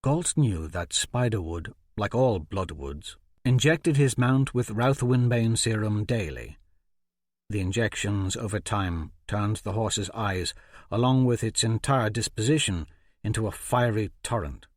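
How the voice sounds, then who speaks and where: A man narrating a fantasy audiobook in a steady, measured storytelling voice. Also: lowish voice, no room sound, clean studio sound. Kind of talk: scripted narration.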